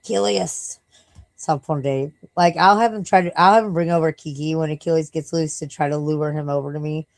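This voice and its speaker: A woman's voice: deep voice, steady tone, brisk, dry recording, low-quality recording. A tired woman live streaming in casual, rambling chat, swearing freely and breaking off to scold and baby-talk her dog.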